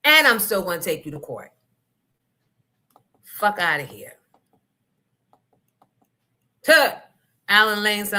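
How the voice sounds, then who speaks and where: Woman, talk show host, blunt, profane, emphatic, bright voice. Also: mid-range voice, sing-song, normal speed, long pauses. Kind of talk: casual livestream rant.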